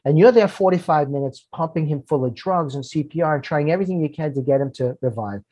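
A man's voice: fairly high pitch, animated, fast, dark tone, no echo. A man, a firefighter and podcast guest, telling emotional personal stories earnestly, often repeating words when moved.

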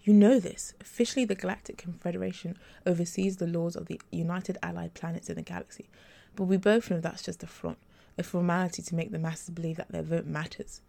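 Urgent blunt male cop read by a woman, low gravelly voice, storybook. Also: steady tone, brisk, mellow. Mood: lecturing. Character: half-human male detective, urgent and blunt. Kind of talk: audiobook character reading.

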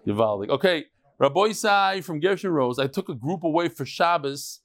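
A man's voice: a little high, normal speed. A man hosting a daily Talmud class, greeting guests in a study hall and reading emails aloud in a chatty, playful way. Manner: energetic, chatty, calls out to guests in the room. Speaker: Talmud teacher.

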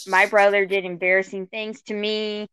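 A woman hosting a casual chat, answering in a reassuring, unhurried way. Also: medium pitch, level tone, bright, forceful tone, clean tone, no echo. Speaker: host. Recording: muffled lo-fi audio.

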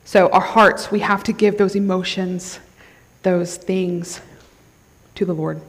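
A woman's voice: on the low side, steady tone, slow. A woman giving a conversational sermon at a conference, often checking in with the crowd. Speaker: conference speaker. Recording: long hall reverb.

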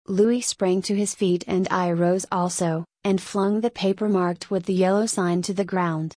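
A woman narrating a dark literary tale in the first person, giving a dramatic reading. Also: lowish voice, fairly even intonation, measured pace, few pauses, dry recording. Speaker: audiobook narrator.

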